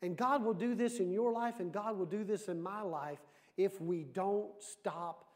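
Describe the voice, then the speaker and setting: A man preaching a sermon with a high, bright voice. He is lively and keeps turning questions back on the congregation, mixing stories with direct appeals. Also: measured pace. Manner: lively, asks the audience questions. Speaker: pastor.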